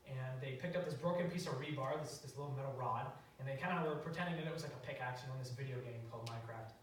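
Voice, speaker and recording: Racing through his sermon, a young man with a medium-pitched voice tells a story informally, stumbling into fillers and restarts. It's recorded in a church sanctuary with strong echo, a far-off mic, and slight background noise.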